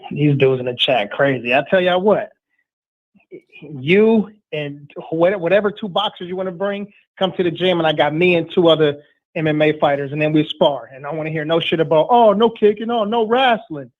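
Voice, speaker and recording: A man's voice: fairly high pitch, moderate pace. A man hosting a casual talk show, brash and streetwise, reading chat comments. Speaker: podcast host, trainer. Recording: tinny phone-like line.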